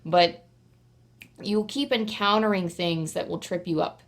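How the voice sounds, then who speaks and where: Chatty woman giving a tarot reading. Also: measured pace. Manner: chatty and rambling, full of "like" fillers; bursts into excited, high squeals. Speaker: tarot card reader. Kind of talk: casual pick-a-card tarot reading to camera.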